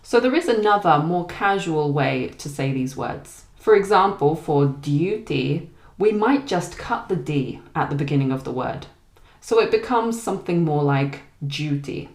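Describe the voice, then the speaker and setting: A British woman with a southern English accent, teaching pronunciation in a clear, deliberate way. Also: on the low side, animated. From Britain. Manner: clear, deliberate, contrasts words slowly. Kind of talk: scripted pronunciation lesson. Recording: echoey room.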